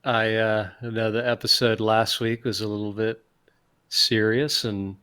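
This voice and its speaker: A man hosting a casual podcast, introducing a clip in a relaxed, rambling way with many fillers. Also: fairly low pitch, a little slow, clean tone. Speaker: podcast host.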